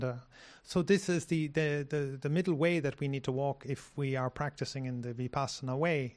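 A man speaking as a meditation teacher in a dharma discussion, reflective and hesitant, with frequent pauses and restarts. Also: mid-range voice.

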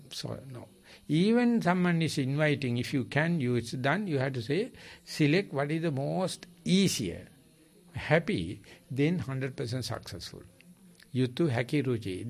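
Sri monk giving a lively dharma talk. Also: male voice, fairly high pitch. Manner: lively, halting non-native English with repeats. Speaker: Buddhist monk teacher.

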